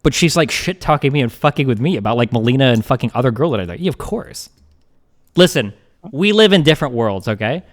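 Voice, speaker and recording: A man's voice: medium pitch, expressive, fast talker. A man streaming, talking casually and profanely while reading messages aloud.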